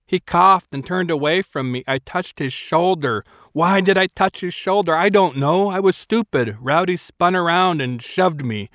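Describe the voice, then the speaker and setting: A man's voice: high voice, a little slow, few pauses, a bit bright, no echo, studio quality. A man narrating a first-person audiobook in a wry, self-mocking storytelling manner.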